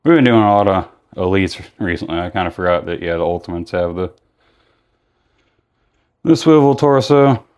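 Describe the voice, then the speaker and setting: Man, lowish voice, tired, rambling casual unboxing talk, lots of fillers. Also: quick pace, few pauses, clean tone, dull audio. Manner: rambling, filler-heavy, self-correcting. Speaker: toy reviewer.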